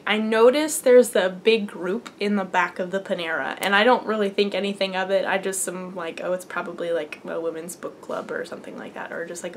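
A woman's voice: mid-range voice, a little hiss or hum. A young adult woman hosting a knitting podcast, telling a long personal story in a rambly, earnest way with many fillers. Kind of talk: casual storytelling.

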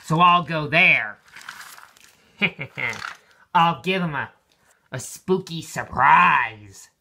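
A man voicing a scheming male diesel engine villain in a toy-train story, talking slowly and low with gloating chuckles. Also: creaky, pushed and bright, slight background noise, full character voice.

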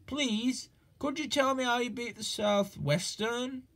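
A shy, modest little engine who speaks politely and earnestly, as a man puts him on. His voice is fairly high for a man, slow and lively in pitch. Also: full character voice. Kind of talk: storybook character voice.

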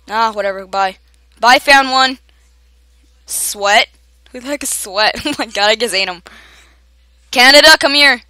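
A young woman giving excited gameplay commentary, often shouting at other players and laughing. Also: a little high, measured pace, pauses often. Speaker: gamer.

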